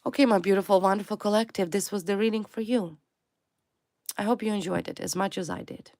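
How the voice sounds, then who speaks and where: A woman's voice: mid-range voice, a little fast, a little mellow, dry recording. A woman giving a tarot reading to her viewers, stressing her points by repeating single words. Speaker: tarot reader.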